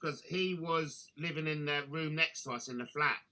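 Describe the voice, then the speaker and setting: A man hosting a live stream, telling a crude story with constant swearing and lively storytelling. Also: fairly high pitch, normal speed, poor audio. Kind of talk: crude anecdote on a live call.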